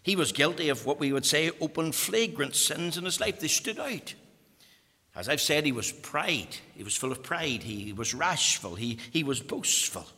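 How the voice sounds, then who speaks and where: A man preaching a fervent sermon, swinging between loud declarations and hushed whispers. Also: on the high side, lively intonation, moderate pace, breathy edge, in a large hall.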